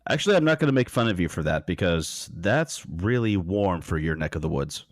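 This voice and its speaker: A man with a low, deep voice chats casually on a podcast, dropping wry remarks and telling steady stories. The sound is dry and close, with no room around it. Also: brisk, no room sound. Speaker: podcast co-host. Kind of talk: casual chat.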